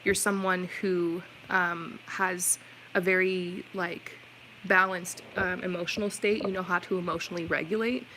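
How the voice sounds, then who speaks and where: A woman's voice: fairly low pitch, steady tone, normal speed, bright, forceful tone, a little hiss or hum, low-quality recording. A woman giving a tarot reading on a live stream, talking in a chatty, reassuring way with many "like" fillers. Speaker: tarot reader.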